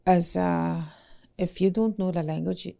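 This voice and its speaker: A woman language teacher in casual podcast talk, speaking haltingly with many fillers and "eh?" tags. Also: on the low side, fairly even intonation, vocal fry, dark tone.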